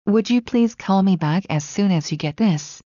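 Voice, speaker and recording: A woman slowly reading everyday English phrases one at a time for learners. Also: mid-range voice, mellow, dry recording, highs cut off. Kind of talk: slow scripted phrase reading.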